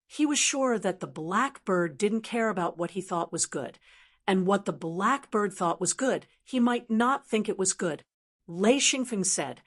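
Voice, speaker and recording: Using a mid-range voice, a woman narrates a fantasy audiobook in an even, measured storytelling style.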